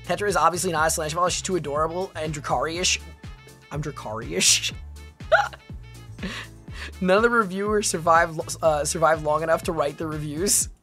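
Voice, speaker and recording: A woman's voice: low voice, normal speed, long pauses, a bit bright, soft background music. A young woman streaming casually, reading her chat aloud and reacting with chatty restarts.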